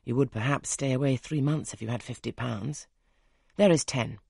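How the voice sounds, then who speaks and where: A man with a husky voice reading the part of a brusque, teasing wealthy gentleman in an audiobook, gruff and commanding. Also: medium pitch, normal speed, no echo, studio quality.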